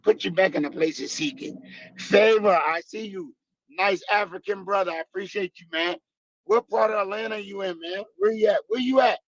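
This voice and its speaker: A man's voice: sits high, moderate pace, no echo. A man co-hosting a casual morning show by video call, talking in a reflective, folksy way. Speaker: co-host. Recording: dull lo-fi call audio.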